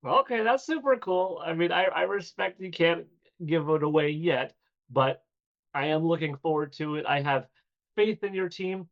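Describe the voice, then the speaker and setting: Gravelly interviewer with lo-fi sound. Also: male voice, a little high, normal speed. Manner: chatty, rambling questions. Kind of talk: casual online interview. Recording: dull lo-fi sound.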